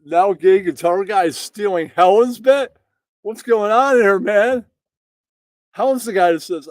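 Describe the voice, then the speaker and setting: A man's voice: high-pitched, unhurried, dry recording, studio quality. A man hosting a stream, ranting in crude, mocking comedy about a clip. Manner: mocking, profane, animated. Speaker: stream host reacting to clips.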